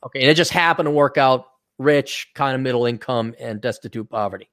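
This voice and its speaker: A man co-hosts a casual talk show from a clean, echo-free studio, reading out donations and offering blunt, sarcastic opinions, even acting out mocking quotes. He's from Wisconsin, with a medium-pitched, slightly bright voice and a somewhat fast delivery.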